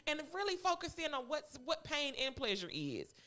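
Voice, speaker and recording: A woman's voice: sits high, big pitch swings, normal speed, bright, forceful tone. A woman co-hosting a podcast, ranting in casual chat, sassy and repeating herself for emphasis. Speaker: podcast co-host.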